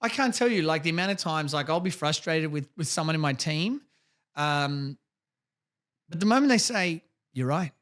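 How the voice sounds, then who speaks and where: A man's voice: fairly high pitch, animated, normal speed, fairly bright tone. A man co-hosting a podcast in casual chat, blunt and emphatic, swearing freely. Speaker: podcast co-host.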